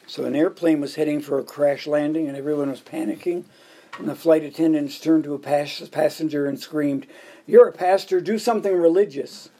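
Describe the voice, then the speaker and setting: Gravelly-voiced man preaching with jokes. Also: fairly high pitch, little pitch movement, a little fast, dark tone. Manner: jokey storytelling, counting off points. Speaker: pastor. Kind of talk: sermon with joke anecdotes.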